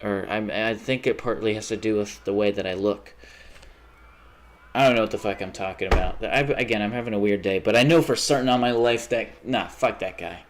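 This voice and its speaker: A young man with a fairly low voice chats on a live gaming stream. He rambles, curses freely, and flares up fast. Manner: rambling, profane, quick to get heated. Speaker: livestreamer. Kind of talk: casual livestream chat while gaming.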